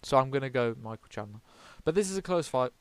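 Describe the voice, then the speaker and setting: A man's voice: mid-range voice, lively intonation, fast talker, clear, resonant tone. A man from the UK giving casual fight predictions, rambling, swearing often and correcting himself as he goes. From United Kingdom. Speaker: MMA vlogger.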